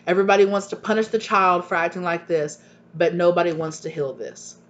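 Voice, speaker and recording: A man's voice: high voice, steady tone, brisk, fairly bright tone. Earnest tarot reader, a man, lo-fi sound. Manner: earnest, repetitive, emphatic with pointed questions. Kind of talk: tarot reading to viewers. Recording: dull lo-fi recording with faint hum.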